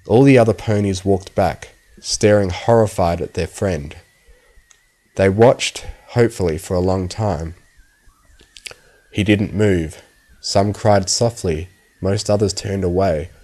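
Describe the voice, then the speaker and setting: A man reading a story aloud as an audiobook narrator in a steady storytelling manner. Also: low-pitched. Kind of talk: scripted narration.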